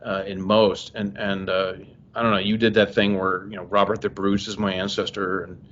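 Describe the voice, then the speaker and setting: A man in casual conversation as a podcast guest, telling stories with lively, acted-out quotes. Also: fairly low pitch, moderate pace, slight background noise. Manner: animated storyteller, acts out quoted voices. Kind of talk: casual chat. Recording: dull lo-fi audio.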